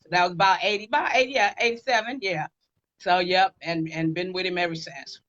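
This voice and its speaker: A woman in her fifties, a guest in a live-stream interview, telling her story in a casual, animated way. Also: on the low side, fairly quick, no echo, dull audio.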